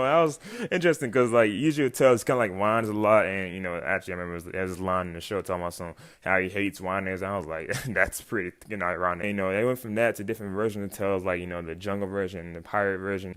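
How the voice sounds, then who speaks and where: A man casually reviewing a show for his channel, rambling and excited, full of slang and fillers. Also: lowish voice. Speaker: YouTube reviewer.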